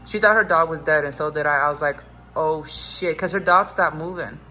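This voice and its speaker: A woman dog vlogger chatting casually, coaxing her dog in a soft voice and telling the story in lively slang. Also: low-pitched, moderate pace, soft background music. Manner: animated, swearing slang. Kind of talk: casual vlog chat.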